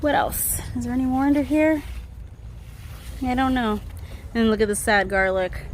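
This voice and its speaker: A woman giving a casual garden tour vlog outdoors, chatty and excitable, laughing often as she talks into a handheld phone. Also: on the high side, moderate pace, slight background noise. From Southern California. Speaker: garden vlogger.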